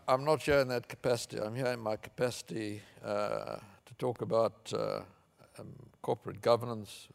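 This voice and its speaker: An older man from Africa, giving a measured, anecdotal conference speech with fillers. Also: fairly low pitch, gravelly, a little mellow. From South Africa. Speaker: keynote speaker.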